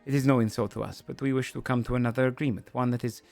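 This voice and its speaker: A man's voice: mid-range voice, fairly even intonation, very fast, gravelly, darkish tone, close to an everyday voice. A man voicing a shrewd female councillor who explains her terms persuasively.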